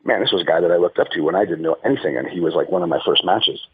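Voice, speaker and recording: A man's voice: deep voice, very fast, slightly rough. A man who is a podcast guest, telling rambling stories in casual chat and making fun of himself, heard over a dull lo-fi remote line. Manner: rambling, self-mocking storyteller.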